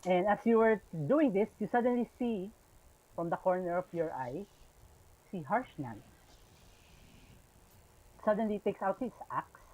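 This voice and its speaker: A Filipino man running a tabletop game, narrating the action with plenty of ums and parangs as he switches between English and Tagalog. His voice sits a little high for a man. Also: unhurried, long pauses, narrow, tinny audio. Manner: narrates with many fillers, mixing English and Tagalog. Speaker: game master.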